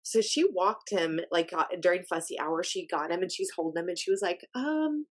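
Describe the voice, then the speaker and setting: A woman hosting a podcast, telling a personal story in a casual, animated and emphatic way. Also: lowish voice, fairly quick. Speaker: podcast host.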